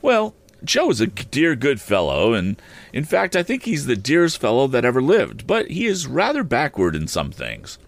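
A man reading aloud, voicing an earnest young man newly made a gentleman, eager and a little condescending. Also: mid-range voice, wildly swooping pitch, moderate pace, vocal fry, no room sound, pitched above the performer's own voice.

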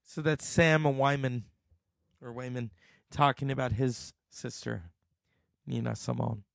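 A man hosting, giving halting, enthusiastic commentary after a played clip. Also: mid-range voice, creaky, no room sound, clean studio sound. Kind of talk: casual commentary.

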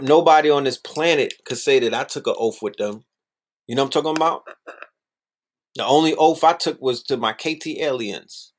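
A man with a mid-range voice delivers a casual, lively monologue packed with slang and repeated phrases. Now and then he mocks the way other people talk.

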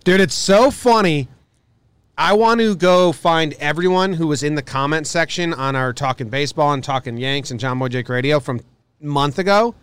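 A man's voice: on the high side, normal speed, smooth, dry recording. A young man, co-hosting a podcast in casual chat, laughing often and telling stories with energy. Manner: lively, laughing, animated storytelling. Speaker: podcast co-host.

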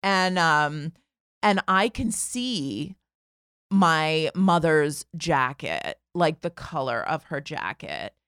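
A woman in her forties tells a comic story in a lively, chatty way, leaning on "like" and acting out each voice. Her voice sits a little low, and it is recorded close and dry with no room sound. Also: takes it slowly, smooth, no room sound. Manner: animated, lots of "like", acts out voices. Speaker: podcast guest telling a story. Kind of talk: casual comedic storytelling.

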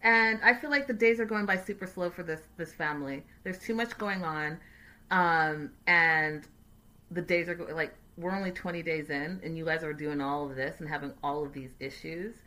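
A woman hosting a casual livestream recap, chatty, animated and sassy. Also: deep voice, normal speed. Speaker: host.

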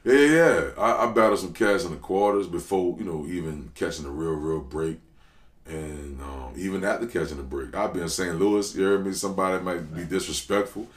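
Speaking a little fast, a very deep-voiced rapper from New Orleans guests on a podcast for a casual storytelling interview. He's animated and slangy, erupting in loud bursts, recorded with roomy echo.

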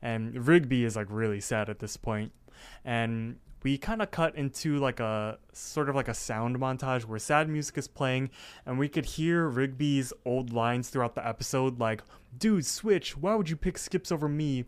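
A man's voice: medium pitch, moderate pace, clear, resonant tone. Rambling man recapping a cartoon. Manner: rambling, many fillers and restarts. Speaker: podcast co-host. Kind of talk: casual episode recap.

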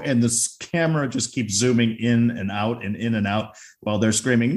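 A man's voice: lowish voice, moderate pace, hardly any pauses. A man co-hosting a podcast, casually retelling a movie scene and briefly acting out the characters' lines. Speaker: podcast co-host.

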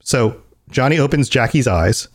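A man's voice: mid-range voice, animated, moderate pace. A man co-hosting a casual podcast, talking in a rambling way with many restarts, laughing as he acts out scenes. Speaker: podcast co-host. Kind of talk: casual chat.

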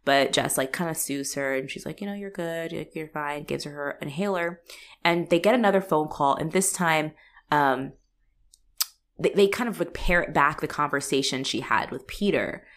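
A woman co-hosting a casual podcast, recapping a movie with quick asides, laughter and acted-out quotes. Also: low-pitched, fairly bright tone. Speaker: podcast co-host.

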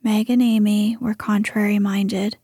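Woman narrator for a storybook, soft and unhurried, husky mellow tone, dry close mic. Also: medium pitch, level tone, no echo. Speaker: audiobook narrator. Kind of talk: storybook reading, much of it whispered.

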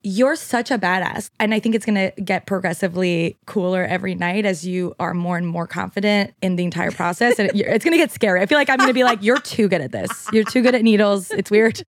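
A woman in her thirties co-hosting a podcast, chatting candidly and emotionally, quick to laugh. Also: mid-range voice, no room sound, clean studio sound. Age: 30s. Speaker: podcast co-host. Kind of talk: casual chat.

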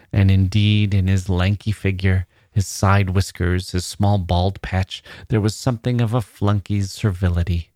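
Deep, dark-voiced male story narrator. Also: no echo, clean studio sound. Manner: measured, drops to a soft whisper at tender moments. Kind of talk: audiobook reading of a classic story.

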